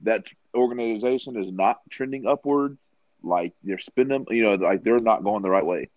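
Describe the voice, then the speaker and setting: Low-voiced man rambling on a podcast. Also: normal speed, no room sound, narrow, tinny audio. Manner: rambling, full of fillers. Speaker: podcast co-host. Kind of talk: casual sports chat.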